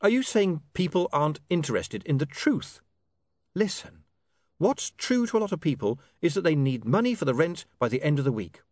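A man putting on a sharp indignant young woman. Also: on the high side, animated, normal speed, no room sound, clean studio sound, voice pushed up. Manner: snappy, heated, lecturing.

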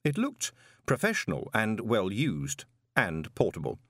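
Lively low-voiced male storyteller. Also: measured pace, no echo, studio quality. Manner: expressive storytelling. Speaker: narrator. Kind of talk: audiobook narration.

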